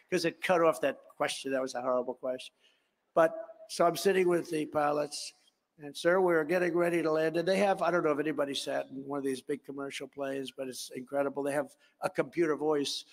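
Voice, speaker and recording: Older man telling a story in a reverberant hall. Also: fairly high pitch. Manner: conversational, boastful, acts out dialogue, digressive. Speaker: speaker at a political conference. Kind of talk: rambling storytelling speech to a crowd. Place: large hall.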